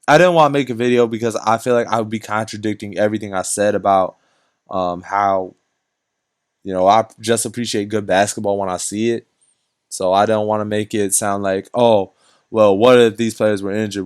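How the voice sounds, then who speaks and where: A man's voice: medium pitch, smooth, no echo, studio quality. Rambling young man talking basketball. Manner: rambling with frequent restarts and slang. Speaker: basketball vlogger. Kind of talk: unscripted casual commentary.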